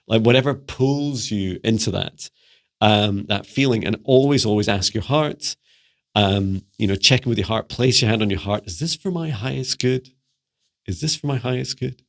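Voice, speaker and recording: Gravelly-voiced man giving relaxed spiritual advice. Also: on the low side. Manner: relaxed, chatty, laughs often and acts out little voices. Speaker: spiritual mentor. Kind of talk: casual spoken teaching to camera.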